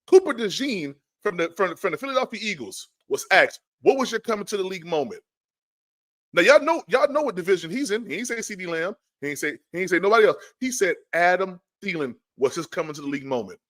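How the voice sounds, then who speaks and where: A man hosts a sports podcast, and his pitch sits high and leaps around as he rants. He sounds exasperated, tripping over his words and repeating himself, heated and animated throughout. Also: fast. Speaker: podcast host. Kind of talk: fired-up sports podcast rant.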